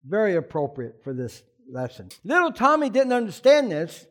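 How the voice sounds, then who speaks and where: A man preaching a sermon as pastor, animated, often asking the congregation questions. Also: high voice, moderate pace.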